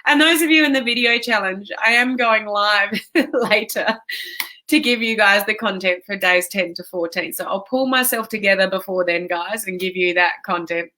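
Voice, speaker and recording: Speaking at a moderate pace in a mid-range, sharp-toned voice, a woman who coaches fitness online talks with viewers in a live video chat. A migraine has left her emotional and teary, and she welcomes people by name.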